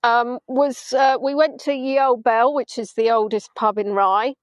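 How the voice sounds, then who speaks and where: A woman's voice: a little high, fairly even intonation, measured pace, dry recording. A woman guiding a live virtual tour from a beach at sunset, filming on a phone on a gimbal and chatting in a rambling, self-mocking way with playful asides.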